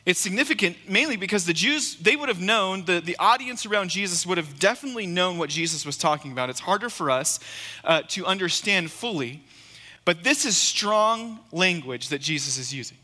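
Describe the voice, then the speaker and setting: A man's voice: sits high, expressive, a little fast, bright, forceful tone, in a large hall. A man preaching a sermon, reading scripture and then explaining it in an earnest, emphatic way, repeating key phrases. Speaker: guest preacher.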